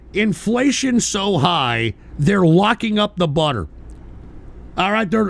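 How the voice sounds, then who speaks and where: A man hosting a political radio show, ranting in a combative, profane way, often shouting and tagging lines with "all right?". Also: a little high, vocal fry. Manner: repeats "all right?" and "for Christ's sake". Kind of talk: political call-in rant.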